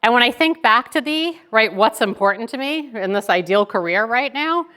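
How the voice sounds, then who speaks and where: Female keynote speaker, 40s, somewhat high voice, chatty storytelling delivery with frequent "right?" check-ins. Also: normal speed. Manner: chatty, animated, tags lines with "right?".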